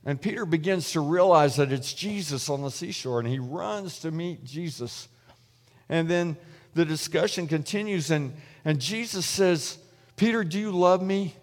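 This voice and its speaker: A man giving a sermon in a relaxed, conversational way, retelling a story and acting out the quoted voices. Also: a little high, a little slow. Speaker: preacher. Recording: reverberant hall.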